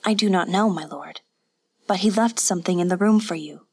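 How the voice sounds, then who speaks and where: A woman's voice: fairly low pitch, fairly quick, gravelly, slightly rough, no room sound. Woman reading a timid innkeeper's wife. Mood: apologetic. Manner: humble, apologetic, soft. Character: frightened servile innkeeper's wife, middle-aged.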